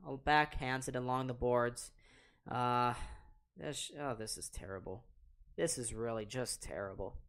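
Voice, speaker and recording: A man's voice: mid-range voice, a bit bright, clean tone. Young man ranting over hockey play-by-play. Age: late teens. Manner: exasperated, ranting, repeats himself. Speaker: livestream host. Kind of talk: live reaction play-by-play.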